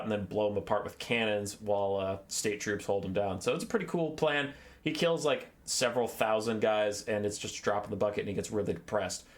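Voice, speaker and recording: A man giving a casual video game lore recap as host, irreverent and profane, wandering off topic, with big swings in pitch.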